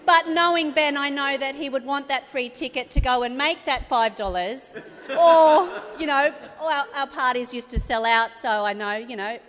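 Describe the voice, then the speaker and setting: A woman's voice: high-pitched, normal speed, fairly bright tone. A woman in her thirties with an Australian accent giving a chatty, rambling wedding speech for her sister, laughing often. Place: wedding reception venue. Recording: reverberant hall.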